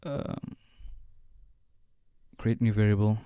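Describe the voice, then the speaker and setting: A man walking through a design software tutorial step by step, thinking aloud as he clicks along. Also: fairly low pitch, takes it slowly, clear, resonant tone, dry recording, phone-quality sound. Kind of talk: screen-recorded software tutorial.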